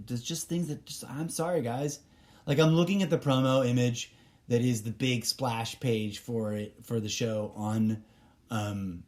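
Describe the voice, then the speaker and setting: A man's voice: mid-range voice, darkish tone. A man hosting a solo podcast, talking casually in a rambling, opinionated way with many fillers and restarts. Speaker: podcast host.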